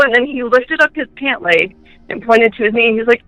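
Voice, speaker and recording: A woman telling personal ghost stories in a chatty way, full of fillers, and switching into high voices when she quotes people. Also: normal speed, fairly bright tone, dry recording, highs cut off. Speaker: guest.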